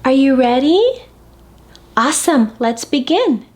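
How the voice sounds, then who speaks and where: Woman host of a kids' story time, playful read-aloud, unhurried, animated delivery. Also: high-pitched, music in the background. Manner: expressive, playful reading with animal noises. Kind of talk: children's picture book read-aloud.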